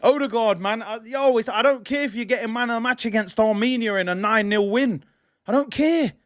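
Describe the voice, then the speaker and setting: A young man with a strikingly high-pitched voice hosts a live watch-along of a football match, speaking fairly quickly. Excitable and emotional, he often tips into exasperated shouting. The sound is dry and close, with no room echo.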